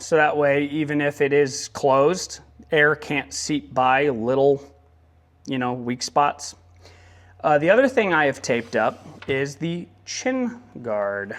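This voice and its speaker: A man's voice: on the high side, fairly bright tone. A young man talking casually in a motorcycle vlog, rambling with joking asides. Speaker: motovlogger.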